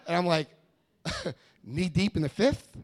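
A middle-aged American man with a high-pitched, very animated voice speaks slowly at a recovery meeting. His personal testimony rambles, he often repeats himself, and he acts out the voices of people he quotes.

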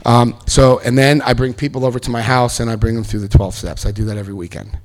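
Middle-aged man, storyteller at a talk; animated, acts out quotes, spikes into loud excitement. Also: medium pitch, quick pace. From New Jersey, US. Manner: animated storyteller acting out other people's lines, bursts of loud excitement. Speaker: speaker telling his recovery story. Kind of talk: personal storytelling speech.

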